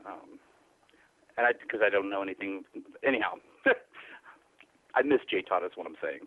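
A man, a guest poet, chatting haltingly and repeating words, then reading his poem aloud. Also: low-pitched, lively intonation, dry recording. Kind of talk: casual chat and poetry reading. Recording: tinny phone line.

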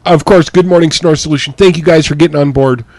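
A man's voice: fairly high pitch, steady tone, fast talker, crowd noise. Jokey male podcast host. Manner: jokey, laughs often, reads sponsor thanks. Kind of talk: casual podcast banter.

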